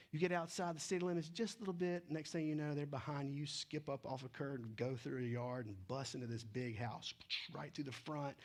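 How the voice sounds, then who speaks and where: A man preaching a sermon in a casual, animated way, slipping into quick acted asides. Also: mid-range voice. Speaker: pastor.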